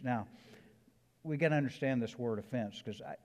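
A man's voice: mid-range voice, normal speed, long pauses, a little mellow, long reverb tail, muffled recording. A man with a Southern accent, a pastor preaching a sermon with emphatic builds and casual conversational asides. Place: church sanctuary.

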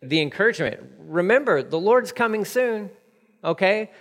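A man's voice: sits high, expressive, normal speed, in a large hall. A man, preaching a sermon in a candid, conversational way full of stories and asides. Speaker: pastor.

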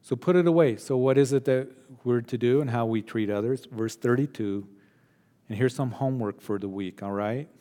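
A man preaching a sermon as pastor, earnest, dropping to hushed tones and then rising to emphatic points. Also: mid-range voice, moderate pace, long reverb tail.

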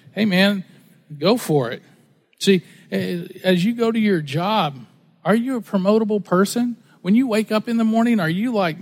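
A man with a high voice preaches in an easygoing, conversational way, stumbling over and repeating words. The sound carries a long reverb, as in a large hall. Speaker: pastor. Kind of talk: sermon.

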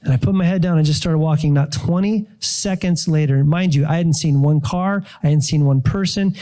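A middle-aged male pastor giving a sermon testimony, telling his story with animated storytelling and acting out his own prayers and surprise. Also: on the high side, normal speed.

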